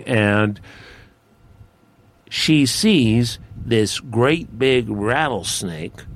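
A man telling a folk tale in a relaxed, conversational, folksy way. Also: fairly low pitch. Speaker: storyteller. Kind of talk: folksy spoken storytelling.

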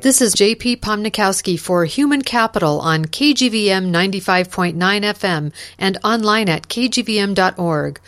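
A woman presents a scripted radio news feature at a measured pace. Her voice sits at a middle pitch, and she reads steadily through the copy as the program's host. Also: animated, a bit bright, faint music behind.

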